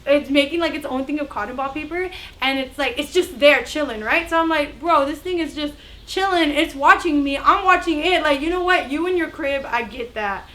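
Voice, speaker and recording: Bright high-voiced young woman vlogger. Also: moderate pace. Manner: chatty, animated, acts out other people's voices. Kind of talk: casual storytime.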